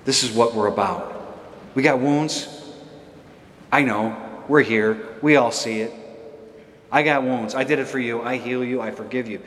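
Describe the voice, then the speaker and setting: A man's voice: mid-range voice, steady tone, moderate pace, long pauses, fairly bright tone, slight background noise. A man giving a homily in a conversational, storytelling way, chuckling now and then. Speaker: priest. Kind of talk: sermon. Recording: echoey church hall.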